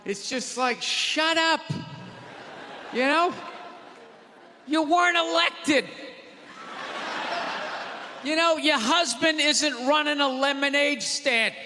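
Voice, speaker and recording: Loud ranting male stand-up comic. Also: very high-pitched, slight background noise. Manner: loud, profane, ranting delivery. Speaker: stand-up comedian. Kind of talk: stand-up comedy routine. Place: large theater stage. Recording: live theater recording with long reverb and crowd laughter. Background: audience laughing and cheering.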